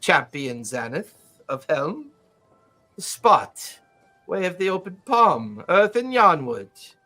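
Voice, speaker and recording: A man voicing a gentle, courteous elderly male mystic in a tabletop game. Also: a little high, very animated, faint music behind, full character voice. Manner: courteous, unhurried, gently mocking.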